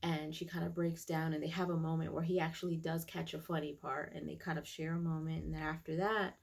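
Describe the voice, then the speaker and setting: Gravelly low-voiced woman recapping casually. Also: level tone, a little fast. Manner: chatty, many fillers and restarts. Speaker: YouTube TV reviewer.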